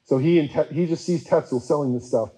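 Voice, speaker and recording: A man preacher giving a casual, chatty history talk, full of fillers and quickly acted-out quotes. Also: on the high side, dark tone, rough recording.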